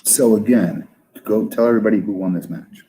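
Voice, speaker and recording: A man, a podcast guest, talking casually and bluntly about wrestling, often exasperated and quick with asides. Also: on the low side, dark tone, a little hiss or hum, rough recording. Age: older. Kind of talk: casual wrestling review chat.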